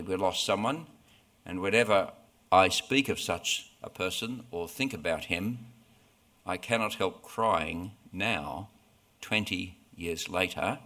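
A man delivers a sermon, taking his time and letting pauses sit between phrases. His voice sits a little low but carries a forceful, bright edge. The delivery stays earnest and deliberate throughout. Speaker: preacher.

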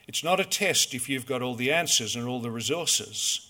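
A man preaching a sermon, measured and storytelling, full of rhetorical questions. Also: mid-range voice, animated, sharp tone.

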